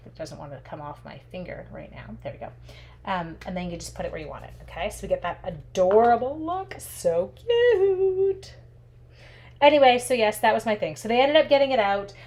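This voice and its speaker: A woman's voice: medium pitch, a little hiss or hum. A chatty woman giving a casual craft tutorial while telling stories as she works. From Canada. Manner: chatty, animated, talks while working with her hands. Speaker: craft demonstrator.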